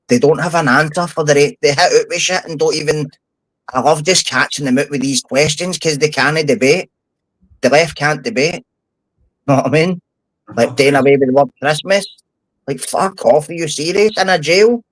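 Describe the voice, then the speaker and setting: A man's voice: mid-range voice, moderate pace, no room sound, low-quality recording. A middle-aged Scottish man, a former prisoner, talking bluntly and heatedly with lots of swearing in a casual podcast chat. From Scotland.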